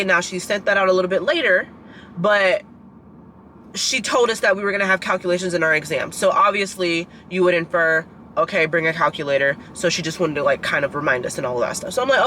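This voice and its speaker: A woman's voice: mid-range voice, brisk, sharp tone, slight background noise, low-quality recording. A 22-year-old woman in a casual vlog, ranting in frustration straight to her viewers and leaning on lots of "like" and "girl". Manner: filler-heavy, keeps saying "like" and "girl". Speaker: vlogger and student.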